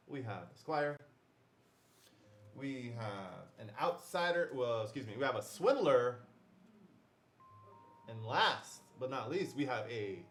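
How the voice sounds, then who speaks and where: A man hosting a live board game unboxing, showing off the pieces with a playful, jokey home-shopping sales pitch. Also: animated, measured pace, fairly bright tone, echoey room, a little hiss or hum. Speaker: host.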